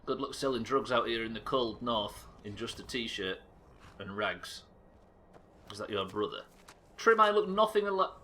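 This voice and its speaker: A man streams a game live, trading quick jokes and curses with his chat. His voice is rather low yet bright and forceful, with faint background noise behind him. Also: level tone. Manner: swearing, joking asides to chat. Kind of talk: live gameplay commentary.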